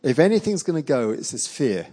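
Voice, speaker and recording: A man preaching and telling a personal testimony as a story, acting out the dialogue with lively energy and laughing along. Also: fairly high pitch, a little fast, breathy edge, poor audio.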